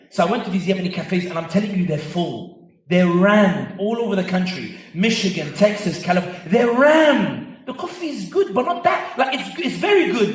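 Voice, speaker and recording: A man giving an animated, joking public speech to a live audience, with emphatic stretches. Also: high-pitched. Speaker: guest speaker. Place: large convention centre hall. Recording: echoey hall, voice picked up from far off.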